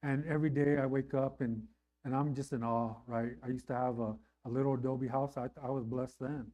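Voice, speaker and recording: Warm-toned man preaching conversationally. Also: level tone, a little fast. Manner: conversational preaching, frequent "right?" asides; rises in pitch and volume on emphatic lines. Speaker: pastor. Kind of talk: sermon.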